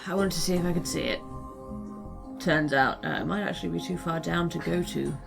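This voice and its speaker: A woman's voice: fairly low pitch, brisk, creaky, over music. A woman playing in a tabletop game, speaking casually and a little apologetically. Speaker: player.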